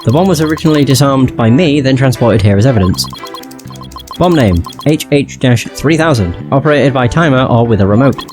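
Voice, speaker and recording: A man voicing a terse, robotic male bomb disposal expert in a game, speaking in flat, clipped words. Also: medium pitch, fairly quick, music in the background, natural voice. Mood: robotic, curt. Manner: clipped, flat, word-by-word delivery. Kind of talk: video game dialogue read aloud.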